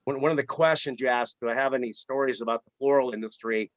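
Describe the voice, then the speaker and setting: A man who runs a flower shop, telling a story in a relaxed interview with plenty of repeated words. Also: medium pitch, fast, dry recording. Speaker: florist and shop owner. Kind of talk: casual storytelling in a podcast interview.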